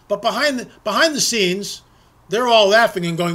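A political commentator with a high-pitched, sharp voice speaks at normal speed. He gives his audience an emphatic political monologue, often repeating words and restarting his sentences.

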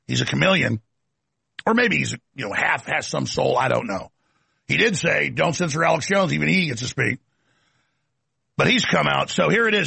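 A middle-aged male host rants through a political monologue in a high, very gravelly voice. His tone is bright and slightly husky, and the sound is dry and close. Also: dry recording. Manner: ranting, emphatic, rambling. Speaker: talk show host. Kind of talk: political talk-show monologue.

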